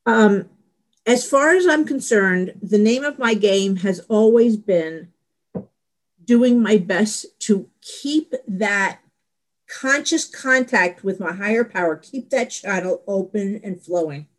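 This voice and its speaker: A woman's voice: mid-range voice, expressive, slow. A middle-aged woman giving a candid, rambling personal share at a support meeting, laughing at herself. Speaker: recovery meeting speaker.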